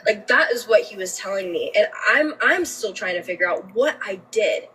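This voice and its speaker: A woman's voice: mid-range voice, lively intonation, normal speed, bright, forceful tone, distant mic, slight background noise, low-quality recording. A woman telling a personal story on a livestream, emotional and candid, swearing freely and often restarting her sentences.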